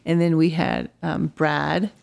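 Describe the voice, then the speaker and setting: A woman with a very low voice and a lot of vocal fry talks as an interview guest. She tells her story in a chatty, casual way and often restarts her sentences. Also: flat delivery, slow, darkish tone.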